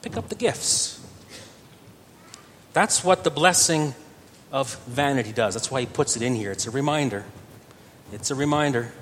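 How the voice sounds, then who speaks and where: Preaching man in an echoing hall. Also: moderate pace. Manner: earnest preaching, swelling louder on key phrases. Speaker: pastor. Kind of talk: sermon. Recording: reverberant church hall with faint rumble.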